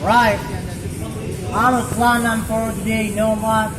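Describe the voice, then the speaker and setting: A man's voice: high voice, little pitch movement, slow pace. A young man in his twenties with an Indonesian accent, rambling casually in English and leaning on "you know" again and again. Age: 20s. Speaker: English club leader. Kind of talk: casual vlog talk. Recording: echoey with loud music behind.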